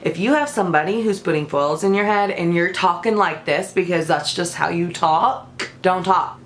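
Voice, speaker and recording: A woman's voice: fairly low pitch, normal speed. A young woman, a hair stylist, giving blunt and sassy salon advice in an instructional vlog.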